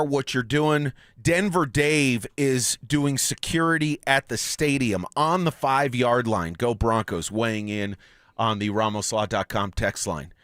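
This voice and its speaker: A man hosting a sports radio show in a studio, chatting excitedly and reading out listener texts. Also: medium pitch, dry recording. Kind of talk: casual sports radio chat. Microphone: studio microphone.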